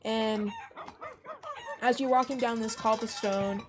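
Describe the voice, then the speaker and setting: A woman's voice: on the high side, steady tone, slow pace, background noise. Rambling young woman game master. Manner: rambling, with frequent fillers and laughs. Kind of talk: narrating a tabletop game.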